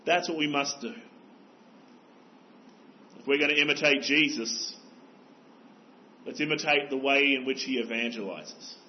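A man's voice: medium pitch, measured pace, long pauses, lo-fi sound, a little hiss or hum. A man preaching a sermon as pastor, earnest and exhorting, pressing his listeners with rhetorical questions.

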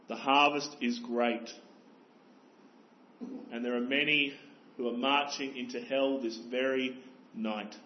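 A man's voice: mid-range voice, fairly even intonation, a little slow, pauses often, dull audio. A man preaching a sermon as pastor, earnest and exhorting, pressing his listeners with rhetorical questions.

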